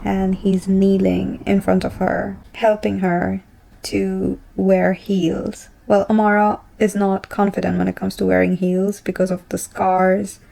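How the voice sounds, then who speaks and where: A young woman from Bangladesh gushes through a book recap, with giggles and hushed asides. Her voice is gravelly and low in brightness, with a mellow, warm tone. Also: unhurried. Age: young adult. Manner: gushing, animated retelling with giggles and whispered asides. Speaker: book vlogger.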